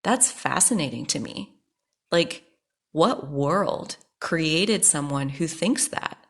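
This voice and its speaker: A woman's voice: low voice, lively intonation, slow, a bit bright, slightly rough. A woman hosting a podcast, talking frankly and at length about her life, swearing freely when angry. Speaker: podcast host. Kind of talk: personal monologue.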